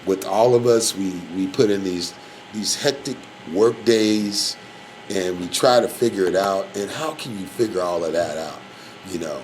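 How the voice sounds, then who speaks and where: Male live radio host, lower voice, loose and filler-heavy, slight noise. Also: poor audio. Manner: rambling, filler-heavy, shout-outs. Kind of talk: casual live radio talk.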